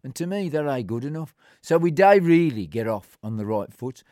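A man's voice: very animated, moderate pace, no room sound, studio quality. An older man recounting a personal story in a blunt, plain-spoken and colloquial way, acting out remembered exchanges. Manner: acts out remembered exchanges with shifting pitch and loudness.

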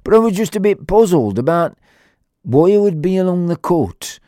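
A man with a broad Black Country accent tells a comic yarn, rambling and chatty, his voice a touch high and swinging widely up and down. The sound is dry and close, with no room around it. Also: big pitch swings, normal speed, dark tone, dry recording. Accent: Black Country English. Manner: rambling, chatty, with lots of fillers and quoted voices. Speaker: storyteller. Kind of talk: humorous spoken storytelling.

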